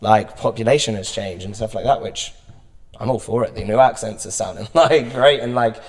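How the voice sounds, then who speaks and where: A man's voice: lowish voice, moderate pace, big-room sound. A young man from the United Kingdom chatting casually about acting. He rambles with many "like" fillers and laughs often. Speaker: actor and acting student. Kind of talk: casual round-table chat.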